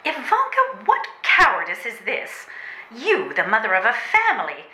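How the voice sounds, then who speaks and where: A woman's voice: on the high side, wildly swooping pitch, moderate pace, sharp tone, a little hiss or hum, full character voice. A woman playing a chiding, sensible friend. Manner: chiding, reproachful questions. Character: scolding, sensible female friend. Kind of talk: readers' theatre stage comedy. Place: old train station before a live audience. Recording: roomy hall sound.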